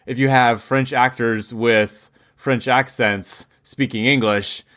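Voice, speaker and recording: A man's voice: mid-range voice, fairly even intonation, fairly bright tone. Rambling male podcast co-host. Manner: rambling, self-interrupting, quick laughs. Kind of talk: casual film discussion.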